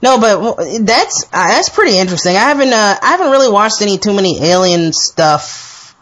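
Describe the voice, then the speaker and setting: Podcast host, mid-pitched, jokey and loose, quick to laugh. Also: expressive, fairly bright tone. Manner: joking, laughs often. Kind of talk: casual chat.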